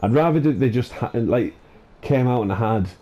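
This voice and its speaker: A man's voice: medium pitch, animated, normal speed, mellow, highs cut off. A man hosting a gaming channel, ranting in an exasperated, sweary way, full of fillers and restarts. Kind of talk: ranting commentary over gameplay.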